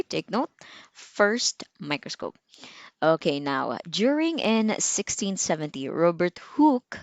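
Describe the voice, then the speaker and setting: Teacher: young Filipino woman, low voice, unhurried, chatty lecture with asides and quiz questions, dry close sound. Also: no echo. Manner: chatty, with fillers and self-asides, quizzing students. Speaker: medical technology teacher. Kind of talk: recorded online lecture.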